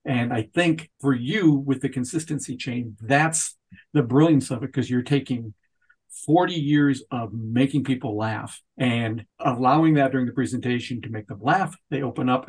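Podcast host guy, kinda husky, raspy edges, chatty and upbeat. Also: mid-range voice, normal speed, rough recording. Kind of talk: conversational interview.

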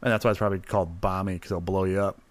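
A man's voice: low-pitched, level tone, very fast, no echo. A man from California in a casual chat, joking and tossing in surfer slang.

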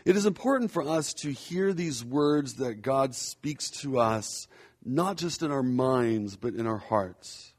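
Male pastor, mid-pitched, earnest sermon delivery, slows for emphasis. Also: animated. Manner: earnest, measured, slows down to stress key phrases.

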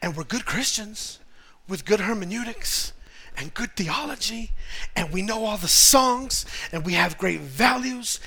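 Male pastor, high voice, lively joking sermon to a church crowd. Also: measured pace, creaky, breathy edge. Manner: animated, humorous, conversational preaching. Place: church in front of a congregation.

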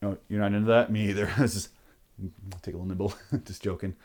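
A man's voice: on the low side, steady tone, fast, darkish tone. A man hosting a podcast, ranting in a profane, rambling, jokey way through the show's sign-off. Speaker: podcast host. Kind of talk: rambling comedic podcast outro.

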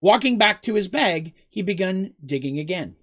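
A storyteller reading a fantasy story aloud with expressive delivery, sometimes turning aside to talk to listeners directly. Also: mid-range voice, moderate pace.

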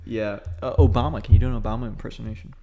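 A man hosting a casual chat, talking in a relaxed, rambling way with laughs along the way. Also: mid-range voice, very fast.

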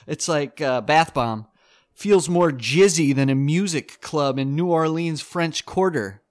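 A man's voice: a little high, takes it slowly, dry recording, studio quality. A man doing an awkward stand-up set on a club stage, rambling and hesitant with many fillers and nervous laughs. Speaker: stand-up comic.

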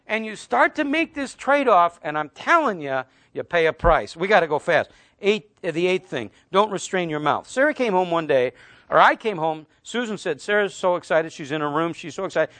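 Male pastor, middle-aged, emphatic sermon delivery, lively pitch that swings up and down, dry close sound. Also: no echo. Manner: emphatic, preachy, conversational storytelling.

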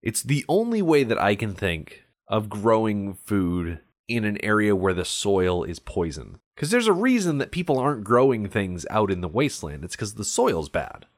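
A man's voice: on the low side, very animated, moderate pace, hardly any pauses, no room sound, clean studio sound. A man co-hosting a podcast, explaining things in a casual film discussion and sometimes reading aloud. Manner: explanatory, reads aloud at times. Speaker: podcast co-host.

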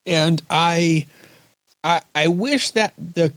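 A man's voice: a little high, drawn-out words, fairly bright tone, no room sound. A man hosting a podcast, chatting casually and recapping comic scenes in a rambling way. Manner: rambling, recaps scenes, acts out quoted lines. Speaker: podcast host. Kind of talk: casual chat about comics.

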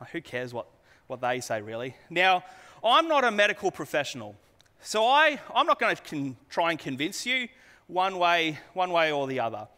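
A man's voice: fairly high pitch, bright, forceful tone. A man preaching a sermon, earnest and conversational, putting rhetorical questions to his congregation. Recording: long hall reverb.

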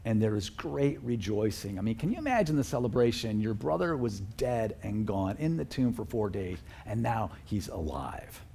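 A man's voice: on the low side, big pitch swings, moderate pace, gravelly, few pauses, dark tone, a little hiss or hum. A man preaching a sermon as a pastor, talking in a conversational, earnest way with fillers and chuckles.

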